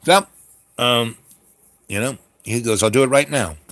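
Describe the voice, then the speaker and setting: A man hosting his own channel, telling a long story in a meandering way with lots of fillers and restarts and frequent throat clearing. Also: medium pitch, measured pace, fairly bright tone. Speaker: channel host. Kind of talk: rambling storytelling monologue.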